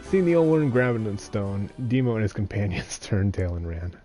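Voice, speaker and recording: A man's voice: lowish voice, big pitch swings, moderate pace, over music. A man streaming live, reading a novel aloud with plain narration and laughing, joking asides.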